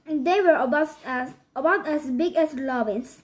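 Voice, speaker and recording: High-voiced woman reading a children's book. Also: low-quality recording. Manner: halting reading with frequent restarts. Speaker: storybook reader.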